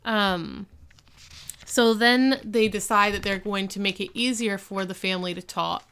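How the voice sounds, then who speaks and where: Chatty woman recapping a show, smooth voice. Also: mid-range voice, steady tone, unhurried, a bit bright. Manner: rambling retelling full of "like" and "um". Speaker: podcast co-host recapping an episode. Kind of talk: casual chat.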